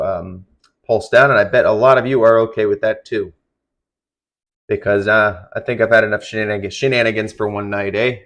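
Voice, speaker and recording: A tired man hosting a live stream of severe weather coverage, talking in a rambling, conversational way with lots of fillers. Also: on the low side. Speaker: livestream weather host.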